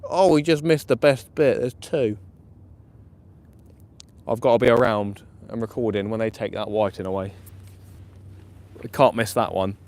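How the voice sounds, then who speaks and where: A man commenting live on his night fishing session, chatty and excitable, laughing often, outdoors by the water. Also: lowish voice, measured pace, pauses often. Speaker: fishing vlogger. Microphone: camera or phone mic on a live stream.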